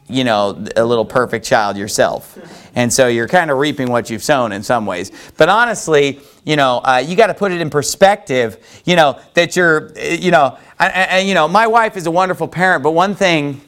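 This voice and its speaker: Guy preaching a sermon, high voice, swoops up and down a lot, keeps saying you know. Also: a bit bright, clear, resonant tone. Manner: emphatic preaching with frequent "you know" asides. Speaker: pastor.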